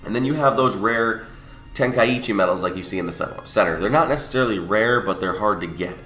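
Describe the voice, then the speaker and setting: Faint music plays behind a young man whose lowish, slightly bright voice comes out a little fast in a reverberant space. He hosts a gaming channel and, sniffly with a cold and a bit under the weather, casually explains a mobile game, self-correcting as he goes.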